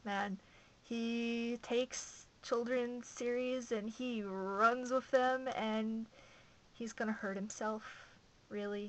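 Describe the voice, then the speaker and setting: A woman's voice: medium pitch, rough recording. A young woman from Massachusetts vlogging casually to camera, rambling and chatty, with lots of "uh"s.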